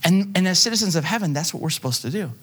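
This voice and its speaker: With a high, expressive, husky voice and rapid-fire delivery, a pastor gives a conversational sermon. He tells stories on himself in a self-deprecating way, peppered with fillers.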